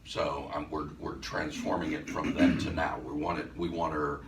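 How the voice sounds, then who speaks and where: A hypnosis instructor with a bass voice tells a story from one of his classes to a live audience in an event room, speaking at a normal speed with a flat delivery. He talks conversationally, often restarting sentences and acting out dialogue. The room is echoey, the mic sits at a distance, and there's faint noise.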